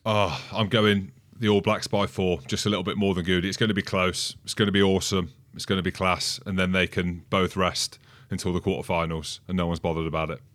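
A man's voice: low voice, level tone, a little fast, hardly any pauses, a bit bright, no echo, studio quality. A man co-hosting a casual sports podcast, thinking aloud and rambling through his points. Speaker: podcast co-host, pundit.

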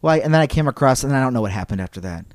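A man hosting a storytelling podcast, casual and digressive, who stops now and then to read quotes aloud. His voice sits at a middle pitch, recorded close and dry with no room sound. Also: lively intonation, rapid-fire, no room sound. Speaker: podcast host.

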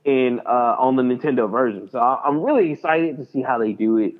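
A man co-hosting a podcast in casual chat, animated and excitable, acting out his reactions. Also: mid-range voice, fairly quick. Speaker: podcast co-host. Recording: tinny phone-like line.

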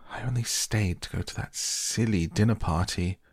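A man's voice: on the low side, moderate pace, breathy edge, no echo, studio quality, pitched above the performer's own voice. A man doing a panicked young mother. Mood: regretful. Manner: breathless, pleading, panicky. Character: frightened young English mother.

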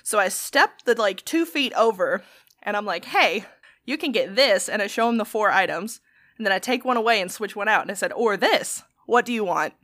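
A woman co-hosting a podcast, telling a story in casual chat, animated and laughing often, swearing freely. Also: medium pitch, normal speed, dry recording, clean studio sound. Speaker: podcast co-host.

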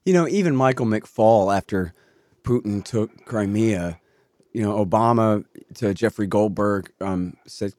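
A man with a somewhat low voice talks in a loose, casual way, sprinkling in "you know" as he makes his point. The recording is close and dry. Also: unhurried, darkish tone, no echo. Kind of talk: conversational political discussion.

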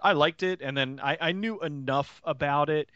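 A man's voice: a little high, moderate pace, a bit bright, no room sound, muffled recording. A man co-hosting a casual chat, rambling and enthusiastic, laughing often.

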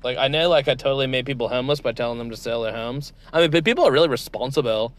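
A man's voice: medium pitch, racing, a little hiss or hum, natural voice. A man putting on a crude, swaggering male crypto tycoon who talks like a valley girl, full of fillers and bro slang. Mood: whiny.

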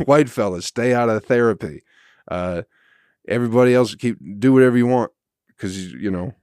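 A man's voice: mid-range voice, moderate pace, a little mellow, smooth, dry recording, studio quality. A man hosting his own comedy podcast, ranting casually and profanely into a podcast microphone and breaking into chuckles.

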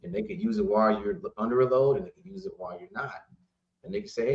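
Animated man telling trucking stories. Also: mid-range voice, fast. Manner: animated storyteller, acts out dialogue, laughs often. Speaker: trucking company owner, guest. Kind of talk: casual storytelling interview. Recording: roomy, slightly dull sound.

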